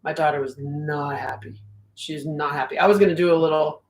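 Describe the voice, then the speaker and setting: A middle-aged woman chatting loosely on a livestream, joking and answering viewers' comments as she goes. Her voice sits on the low side for a woman. The room around her sounds echoey. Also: steady tone, fairly quick. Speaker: livestream host. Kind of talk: casual livestream chat.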